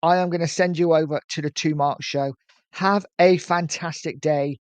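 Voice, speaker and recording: A man's voice: fairly high pitch, steady tone, normal speed, clear, resonant tone, dry recording. Chatty middle-aged man with a slight lisp. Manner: chatty, friendly, urges viewers to like and subscribe. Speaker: host of a football live stream. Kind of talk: casual live-stream chat reading viewer comments.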